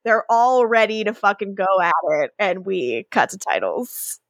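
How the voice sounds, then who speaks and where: A woman's voice: mid-range voice, big pitch swings, normal speed, no room sound, clean studio sound. A woman co-hosting a podcast, recapping a show in casual chat, swearing and acting out scenes with bursts of laughter. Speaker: podcast co-host.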